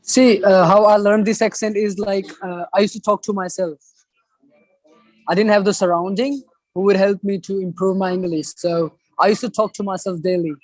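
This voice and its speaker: A man's voice: high voice, moderate pace, dry recording, soft background music, low-quality recording. A young man with an Australian-style accent he learned, talking casually as a guest on a video call. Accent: Australian accent learned as a second accent. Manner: relaxed, speaks with a put-on Australian-style accent. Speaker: interview guest, subscriber.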